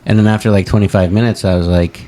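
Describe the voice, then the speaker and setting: A man with a low voice co-hosting a comedy podcast. He tells his stories in a loose, rambling way, full of fillers and restarts. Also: fairly even intonation, quick pace, mellow. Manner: rambling storyteller, many fillers. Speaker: podcast co-host. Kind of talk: casual comedy podcast chat.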